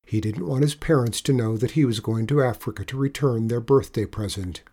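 Man gently reading a storybook. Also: mid-range voice, slightly rough. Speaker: narrator.

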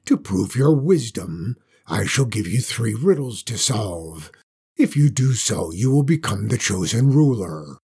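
A man voicing a huge, proud old dragon with a slow, booming, threatening delivery, in a storybook reading. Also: very animated, mellow, husky, heavily acted. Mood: menacing. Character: huge ancient male dragon, menacing and proud.

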